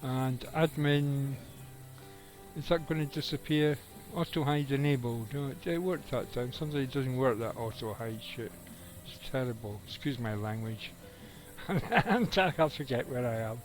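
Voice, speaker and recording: In a mid-range voice at a measured pace, a middle-aged man streams his gameplay, offering loose, meandering commentary and chatting with viewers, with the odd curse word. Faint music plays behind him on a low-quality recording.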